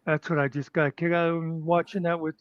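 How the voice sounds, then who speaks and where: A man's voice: fairly high pitch, little pitch movement, brisk, no echo. A man co-hosting a casual chat, rambling with fillers and chuckling often. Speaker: podcast co-host. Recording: slightly muffled dry audio.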